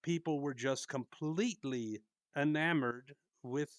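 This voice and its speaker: A man's voice: on the high side, unhurried, no echo. A man hosting a podcast, chatting casually and telling stories, acting out the voices he quotes. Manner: storytelling, acts out quoted voices. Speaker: podcast host. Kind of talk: casual chat.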